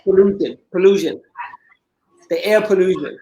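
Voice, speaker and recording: A man's voice: high-pitched, moderate pace, dark tone, poor audio. A man from Denmark with a Danish accent, a dance coach and judge being interviewed, giving short answers and turning reflective when he opens up. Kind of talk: casual interview.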